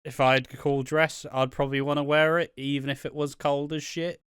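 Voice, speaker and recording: A man's voice: fairly high pitch, brisk, clean tone, no room sound, studio quality. A young British man co-hosting a podcast, chatting casually and swearing a lot as he rambles. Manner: rambling, heavy swearing, animated. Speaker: podcast co-host.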